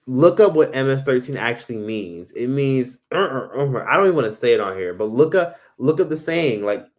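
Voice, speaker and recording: A man's voice: medium pitch, animated, a little fast, a little mellow. A man hosting a live stream, chatting casually, swearing freely and reading viewer comments aloud.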